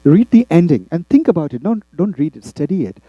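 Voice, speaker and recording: A man from India teaching a class, often checking in with the students with quick tag questions. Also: fairly high pitch, very animated, no room sound, lo-fi sound. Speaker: instructor. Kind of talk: classroom lecture.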